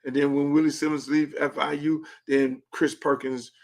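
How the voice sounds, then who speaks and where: A man hosting his own podcast, ranting about local sports in a brash, profane way, jumping from loud outbursts to low mutters. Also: level tone, normal speed. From Miami. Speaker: podcast host. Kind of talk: opinionated sports talk.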